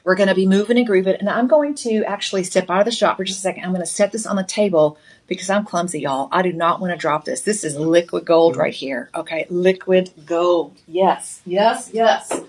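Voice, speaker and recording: A middle-aged woman hosting a live TV shopping show, pitching products in a chatty, upbeat sales manner from a studio. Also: fairly quick. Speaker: home shopping host.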